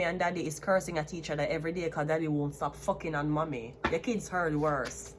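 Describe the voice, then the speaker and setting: A woman's voice: deep voice, fairly even intonation, brisk, hardly any pauses, slight background noise. A Jamaican woman in her thirties, a tarot reader talking to camera in a defiant, profanity-heavy style that slips between patois and English. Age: 30s. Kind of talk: ranting to camera.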